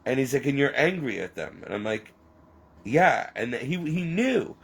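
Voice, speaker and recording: A man rambling through an emotional personal confession, halting and near tears as he speaks. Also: medium pitch, big pitch swings, husky, poor audio.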